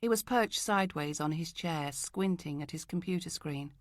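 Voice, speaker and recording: A woman reads a first-person crime audiobook in a low, deep voice. Her delivery is steady and controlled. The recording is dry and close. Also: normal speed, few pauses, no echo. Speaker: audiobook narrator.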